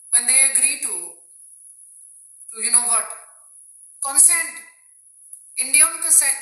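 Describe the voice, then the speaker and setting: A woman chats playfully with her viewers on a live stream. Her voice is very bright and sits a little high, and she laughs at her own jokes. The sound carries a roomy echo. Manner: addresses viewers directly. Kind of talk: casual live-stream chat.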